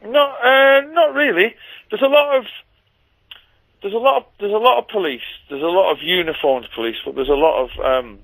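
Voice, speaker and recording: A man's voice: high voice, normal speed, a bit bright, no echo, rough recording. A man chatting as a radio guest, telling rambling, dry anecdotes and laughing often. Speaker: guest on a radio sports phone-in. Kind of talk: casual chat.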